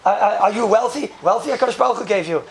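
Fast-talking gravelly man teaching. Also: high-pitched, a little hiss or hum. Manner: joking, chuckles often, rhetorical questions. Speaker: yeshiva teacher giving a class. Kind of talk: informal lecture with jokes.

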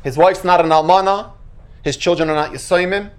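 A religious teacher giving an animated Torah lecture, acting out quotes and sound effects and asking rhetorical questions. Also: mid-range voice, a little fast.

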